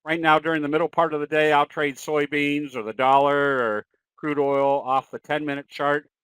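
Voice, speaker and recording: A man's voice: on the high side, level tone, moderate pace, fairly bright tone, smooth, no echo, low-quality recording. A man presenting a trading webinar and answering questions, in a folksy, conversational way with fillers and self-corrections.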